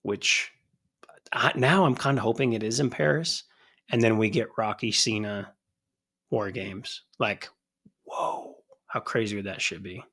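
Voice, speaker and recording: A man co-hosting a wrestling podcast, chatting casually in a relaxed, joking way that often trails off. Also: on the low side, normal speed. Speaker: podcast co-host.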